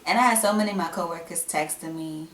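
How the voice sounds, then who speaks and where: A young woman, talking candidly to camera at home in a chatty, animated way. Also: on the low side, quick pace, a little hiss or hum. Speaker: vlogger. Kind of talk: casual vlog talk to camera. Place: at home indoors. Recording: echoey room, mic at a distance.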